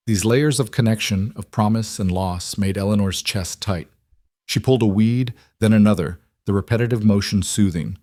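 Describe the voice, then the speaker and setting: A man narrating a scripted story in an even, measured way. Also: lowish voice, dry recording, clean studio sound.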